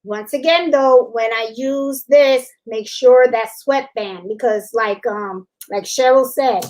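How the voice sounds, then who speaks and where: High-voiced chatty woman crafting host. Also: takes it slowly, darkish tone. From Puerto Rico. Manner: chatty, repeats "okay?" to check in with viewers. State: slightly hoarse. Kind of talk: casual live demonstration.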